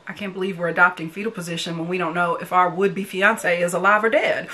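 A woman's voice: lowish voice, fairly even intonation, fast, hardly any pauses, bright, forceful tone. Woman doing a movie reaction, cussing at the screen, noisy hiss behind her. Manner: profane, talks back at the characters on screen. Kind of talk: first-watch movie reaction commentary.

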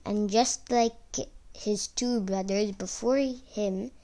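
A woman reading a children's fairy tale aloud in an expressive storytelling manner. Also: medium pitch, slow.

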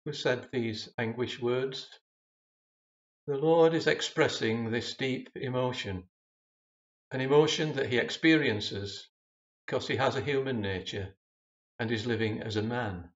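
A man preaching a sermon in a slow, measured and solemn way. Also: medium pitch, muffled recording.

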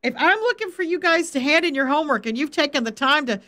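Speaking fast, a high-voiced faith coach and Bible teacher gives a relaxed Bible lesson as if on a live stream. She is spirited, laughs often, and drops into little performed quotes to get her points across.

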